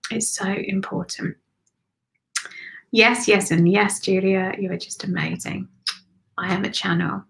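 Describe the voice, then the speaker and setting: A woman gives intuitive card readings to viewers in a calm, unhurried voice. She repeats phrases softly and often sinks into near-whispers. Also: medium pitch, vocal fry, poor audio. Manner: soothing, slow, repeats phrases, drops to whispers. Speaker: spiritual reader giving card readings. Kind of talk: live-stream intuitive reading.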